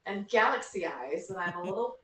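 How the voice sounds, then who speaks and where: A woman playing a tabletop game, thinking her moves through out loud with hesitation. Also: mid-range voice, lively intonation, brisk. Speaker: player. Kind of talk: casual tabletop play. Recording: roomy, distant mic with faint background noise.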